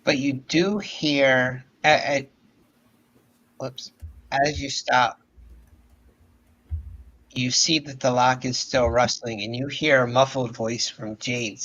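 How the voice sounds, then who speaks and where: A man acting as game master, narrating a tabletop game with measured, descriptive talk. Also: mid-range voice, steady tone, fairly bright tone. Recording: dull lo-fi audio.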